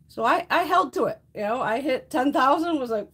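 A woman's voice: high-pitched, lively intonation, normal speed, breathy edge. A middle-aged woman chatting casually while hosting a beauty livestream, swearing freely and laughing often. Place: home makeup room.

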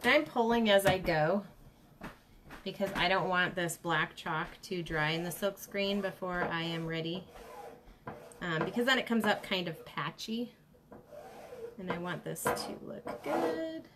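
A woman's voice: on the low side, measured pace, background noise. A woman hosting a casual craft demonstration, chatting and greeting viewers by name as she works. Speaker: craft livestream host.

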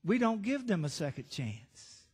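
A man's voice: sits high, very animated, a little slow, breathy edge. A male pastor preaching a sermon, telling Bible stories and asking the congregation rhetorical questions. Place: church sanctuary. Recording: reverberant church hall.

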